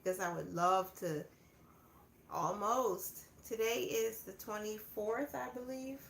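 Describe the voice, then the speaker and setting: Woman livestream host, relaxed chatty talk, easy laughs, roomy echo, faint hiss behind. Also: mid-range voice, takes it slowly, gravelly. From southern United States. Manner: laid-back, chatty, laughs often. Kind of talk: casual live chat. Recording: echoey room, faint background noise.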